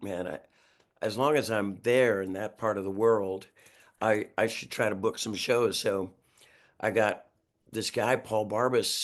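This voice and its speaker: A man in his sixties from New York, a guest musician telling road stories in a lively, rambling way with frequent chuckles and restarted sentences. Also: fairly low pitch. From New York, USA. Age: 60s. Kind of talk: casual storytelling interview.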